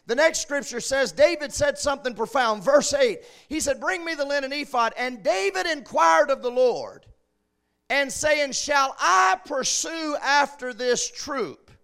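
A man preaching a sermon, swinging between shouted peaks and quiet asides. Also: very high voice, animated, normal speed, vocal fry.

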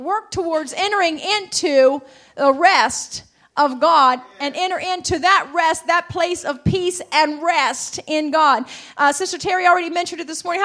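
Woman preacher, very high voice, builds to fervent shouts, hallelujah calls. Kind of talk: sermon.

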